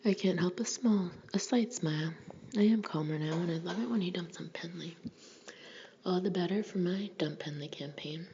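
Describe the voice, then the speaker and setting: Intimate and wry, a woman whispers her way through a first-person novel for an audiobook at a moderate pace. Her voice is lowish and dark, and the recording is dull lo-fi with faint hiss underneath.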